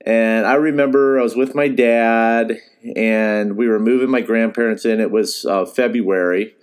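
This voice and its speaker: A man's voice: on the low side, fairly even intonation, measured pace, smooth. A middle-aged man, a fishing guide, telling a personal story in a casual, rambling way, with restarts and laughs. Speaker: fishing guide and podcast host.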